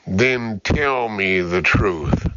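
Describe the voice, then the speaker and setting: A man's voice: fairly low pitch, extremely slow, pushed and bright, clear, resonant tone, dry recording, full character voice. Figure: a man voicing a terse, guarded policeman. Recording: slightly dull. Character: guarded male police officer, stern and terse.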